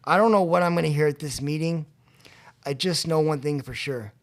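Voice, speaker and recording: Animated young man telling his story. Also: a little high, a little fast. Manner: animated storyteller, acts out quoted voices, laughs often. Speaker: podcast guest. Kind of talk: storytelling about addiction recovery. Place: convention venue.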